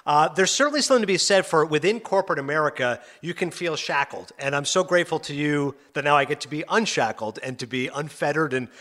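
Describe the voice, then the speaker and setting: A man's voice: fairly high pitch, fast, hardly any pauses. A middle-aged male sports broadcaster in casual interview chat, telling stories with laughs and acted-out quotes. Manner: animated storyteller, laughs often, acts out quotes. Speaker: sports broadcaster and podcast host.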